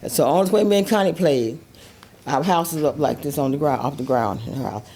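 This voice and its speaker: A woman, an interview guest telling stories of her life, animated, acting out voices and laughing often. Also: deep voice, a little fast, a little hiss or hum. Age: 70s. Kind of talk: storytelling chat.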